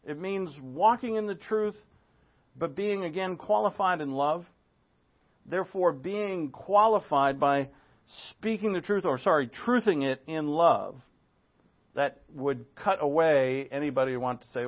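A man's voice: a little high, lively intonation, unhurried. A male pastor preaching an expository sermon, full of asides and rhetorical questions. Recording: dull lo-fi sound.

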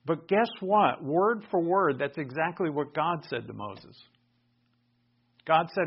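A man preaching a conversational Bible teaching sermon, moving between relaxed explanation and emphatic raised bursts. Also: a little high, measured pace, slightly rough. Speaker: pastor. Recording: dull lo-fi recording.

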